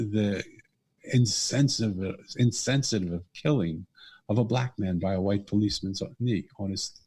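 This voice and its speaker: A middle-aged man, a podcast guest and author, telling a personal story in an earnest, animated way. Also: fairly low pitch, husky. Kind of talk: conversational storytelling.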